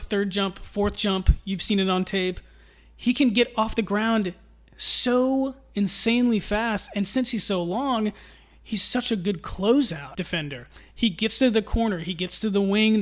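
A young man hosting a solo sports podcast, talking fast and jokily with frequent laughter. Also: sits high. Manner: animated, joking, laughs often. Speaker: podcast host.

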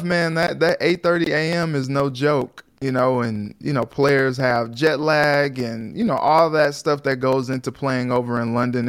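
Relaxed, rambling sports talk man. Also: medium pitch, clear, resonant tone. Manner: relaxed, rambling, many fillers. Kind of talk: casual sports chat.

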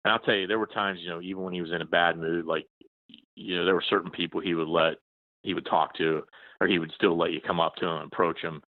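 Over a tinny, dry phone line, a journalist in his forties chats as a guest in a casual interview. He talks fast in a low voice with fairly even intonation, rambling with many restarts and fillers, and there's no room sound.

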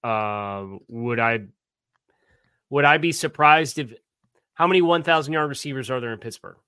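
A man's voice: medium pitch, normal speed, pushed and bright, clean tone, no echo, studio quality. A man with a Philadelphia accent co-hosting a sports podcast, chatting casually and playfully about football. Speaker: podcast co-host, football analyst.

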